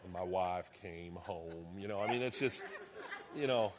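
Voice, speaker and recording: A middle-aged male pastor delivering a sermon in an animated storytelling way. His voice jumps up loud for emphasis, then drops to a hushed near-whisper. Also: on the low side, moderate pace, a little hiss or hum. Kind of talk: sermon with personal stories.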